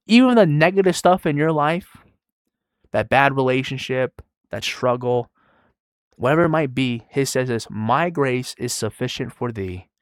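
Man in his twenties, sermon, soft-spoken, conversational, tired, mid pitch, dry. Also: lively intonation, unhurried, clear, resonant tone, no echo. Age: 20s. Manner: soft-spoken, conversational, trailing quiet between emphatic rises. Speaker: preacher.

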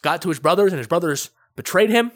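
A man's voice: sits high, expressive, fast talker, fairly bright tone, no echo, clean studio sound. Man preaching with rising intensity. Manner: rising to emphatic preaching with repeated phrases. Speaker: pastor. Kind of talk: sermon.

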